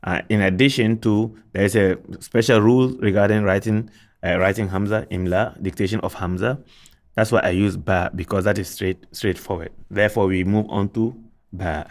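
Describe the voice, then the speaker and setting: A man's voice: on the low side, steady tone, moderate pace. A man teaching the Arabic alphabet in a recorded lesson, patiently repeating sounds and asking learners questions. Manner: asks rhetorical questions of students.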